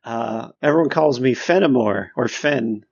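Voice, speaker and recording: Husky guy player role-playing a captain, gravelly, muffled call audio. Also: medium pitch, measured pace, a little mellow. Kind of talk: in-character tabletop role-play.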